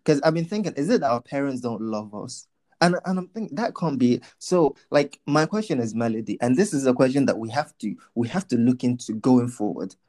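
A man's voice: medium pitch, animated, a little fast, warm tone. A man, co-hosting a casual chat, teasing and joking with playful exaggeration. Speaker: podcast co-host.

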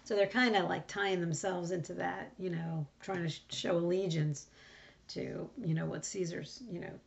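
A woman's voice: on the low side, fairly even intonation, moderate pace, creaky. A woman talking through a Bible passage in a casual, rambling way, full of fillers and restarts. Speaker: Bible study speaker. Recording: dull lo-fi recording.

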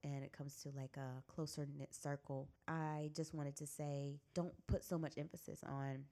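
A woman co-hosting a casual chat, offering supportive, reflective advice at a calm, measured pace. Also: sits low.

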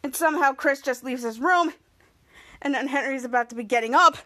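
A woman's voice: sits high, brisk, pushed and bright. A woman podcast host giving a casual, rambling run-on recap of a TV episode. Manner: rambling, run-on narration with many restarts and giggles.

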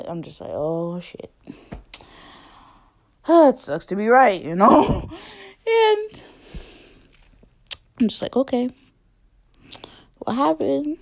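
Young woman, lively swooping pitch, slow unhurried delivery, casual storytelling, lots of fillers. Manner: chatty, lots of "like" and quoted dialogue, laughs often.

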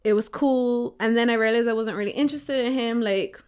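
A young woman from Barbados spills a story among friends in a fairly high voice, lively and loose. She swears freely, and she slips into the voices of the people she quotes as she goes. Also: a little fast, clear, resonant tone. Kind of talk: casual chat.

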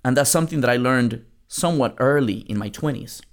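A man's voice: medium pitch, fairly quick. A man hosting a motivational podcast on network marketing, talking bluntly and casually, swearing now and then and repeating lines for punch.

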